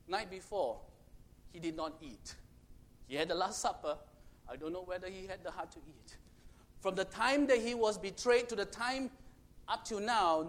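A man preaching a sermon to children, storytelling dramatically and swinging between loud and hushed. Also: sits high, slight background noise.

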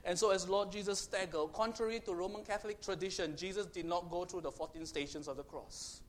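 A man preaching a sermon to children, storytelling dramatically and swinging between loud and hushed. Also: sits high, fairly even intonation, brisk.

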